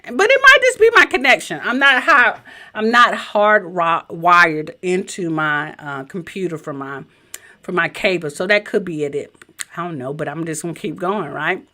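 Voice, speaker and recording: A woman with a Southern US accent, a business coach in her home office, teaching in a chatty, animated way straight to her viewers over a webcam mic. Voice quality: a little high-pitched. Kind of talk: live-streamed teaching presentation.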